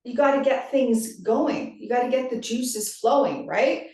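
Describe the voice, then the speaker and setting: Heard from well back in a very echoey space, a woman yoga teacher chats casually on her podcast. Her pitch runs on the high side, her tone a touch mellow, and her pace measured, with frequent "right?" and "like" check-ins.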